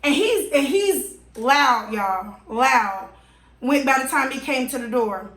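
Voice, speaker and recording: A woman vlogger telling an animated, exasperated story to her viewers. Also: high-pitched, moderate pace. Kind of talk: storytime vlog. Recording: roomy echo.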